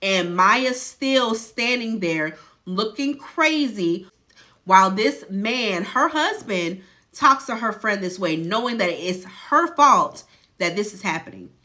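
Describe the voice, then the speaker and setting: A woman host recaps a show in a relaxed, gossipy storytelling voice. Her tone is bright and clear, and her talk is loose and colloquial, as if she is telling a friend the latest drama. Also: medium pitch, slow pace. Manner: chatty and colloquial, lively gossip tone. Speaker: video host recapping a TV episode.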